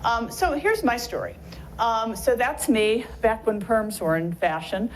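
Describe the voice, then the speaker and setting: A woman's voice: a little high, expressive, unhurried, a little hiss or hum, low-quality recording. A woman in her sixties giving a casual, rambling lecture talk, chatty and full of fillers. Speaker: guest speaker.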